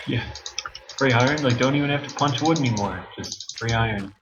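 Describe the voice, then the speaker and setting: A man's voice: mid-range voice, brisk, fairly bright tone. A man co-hosting a casual gaming chat, sarcastic and self-mocking, joking his way through. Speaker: let's play co-host. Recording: lo-fi mic with hiss and keyboard clicks.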